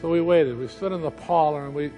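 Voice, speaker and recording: A man's voice: fairly high pitch, fairly quick, over music, lightly acted, poor audio. An actor performing a one-man stage monologue as a recovering alcoholic man, telling his story earnestly and quoting the people in it.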